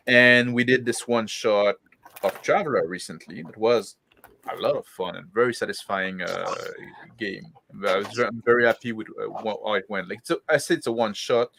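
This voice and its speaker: A man hosting a casual group chat, rambling with many pauses about his gaming year. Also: fairly low pitch, gravelly, fairly bright tone, a little hiss or hum. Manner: rambling, hesitant with fillers.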